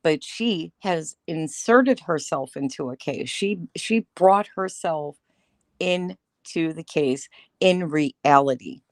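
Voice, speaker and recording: Her voice sits low with a darkish tone, and she speaks slowly but expressively as a guest commentator on a livestream. In this casual chat she's talkative and discursive, leaning heavily on fillers. It sounds studio quality, with no echo.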